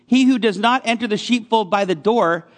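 A man's voice: high voice, normal speed, long reverb tail. A man preaching a conversational sermon as a pastor, often asking his listeners questions. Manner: conversational, asks the congregation questions.

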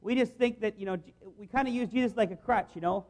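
A male preacher with a notably high voice, giving a sermon. He speaks earnestly and conversationally, often stopping mid-sentence to rephrase before pressing on. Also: fast talker, a little mellow. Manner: earnest, conversational, many restarts.

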